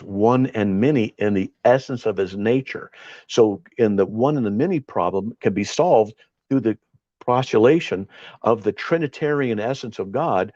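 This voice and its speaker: A man leading an informal Bible study, talking in an animated, argumentative way with frequent restarts. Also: lowish voice, dry recording. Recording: dull, dry lo-fi recording.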